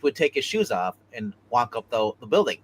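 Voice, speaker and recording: A man's voice: medium pitch, big pitch swings, a little fast, slightly rough. A man co-hosting a casual livestream, rating comic covers and reading chat comments, laughing often.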